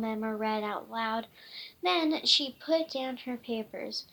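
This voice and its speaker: A woman reading a picture book aloud, halting and often stumbling and restarting. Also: a little high, fairly bright tone. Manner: halting, with frequent slips and restarts.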